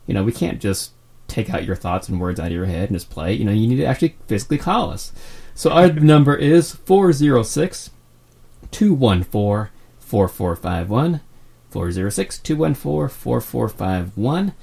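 Brief: laid-back podcast host, man, low and gravelly, rambling jokey delivery. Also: very animated, normal speed, mellow. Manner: loose, joking and rambling. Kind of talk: casual podcast chat.

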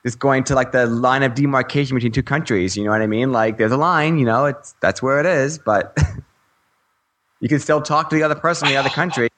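Guy rambling on a game podcast, mid-pitched voice, lots of ums and little laughs. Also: a bit bright. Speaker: podcast co-host. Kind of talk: casual gaming podcast chat.

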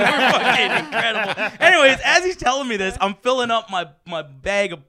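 A man's voice: high voice, fast talker, hardly any pauses. A man on a casual podcast, telling a story with lots of laughter and swearing. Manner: animated storyteller, laughs often, swears freely. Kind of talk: casual chat.

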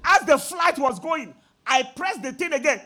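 A man preaching a sermon, telling a story with laughter and sudden shouted peaks. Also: very high-pitched, expressive, moderate pace. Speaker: pastor.

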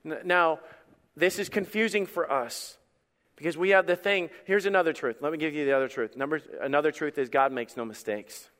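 Pastor guy preaching, highish smooth voice, lots of repeating, long echo in a big hall. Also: brisk, fairly bright tone. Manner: conversational, emphatic, repetitive. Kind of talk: sermon.

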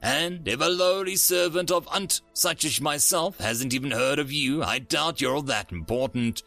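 Man doing a small alien private, dry and annoyed, lifted pitch, gravelly. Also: a little slow, bright, forceful tone, distant mic, faint music behind, full character voice. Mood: dryly annoyed.

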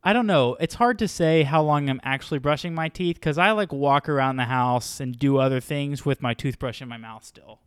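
Smooth-voiced man recapping a sitcom. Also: medium pitch, fairly quick, few pauses, no room sound, studio quality. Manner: animated retelling of sitcom scenes, acting out lines. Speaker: podcast co-host. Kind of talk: casual chat.

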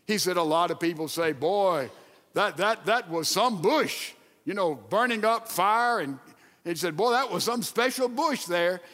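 High-voiced preaching man in a reverberant hall. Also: lively intonation, a bit bright. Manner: emphatic preaching with dramatic pauses. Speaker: pastor. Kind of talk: sermon.

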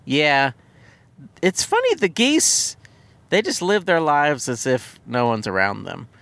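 A man's voice: sing-song, takes it slowly, vocal fry, fairly bright tone, dry recording. A man co-hosting a comedy movie podcast, chatting playfully and joking around, recorded in a car. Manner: playful, jokey, breaks into goofy high voices. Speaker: podcast co-host. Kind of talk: casual comedic chat.

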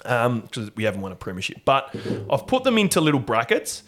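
A man with an Australian accent hosting a podcast in casual chat, talkative and quick to laugh. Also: medium pitch, wildly swooping pitch, fairly bright tone. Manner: chatty, laughs often, loose with restarts. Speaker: podcast host.

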